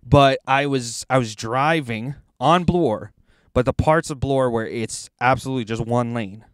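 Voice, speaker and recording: A man's voice: medium pitch, measured pace, clear, resonant tone, no echo. Man ranting, dry close sound. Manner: profane, ranting storyteller. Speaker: podcast co-host. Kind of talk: casual chat. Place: inside a car.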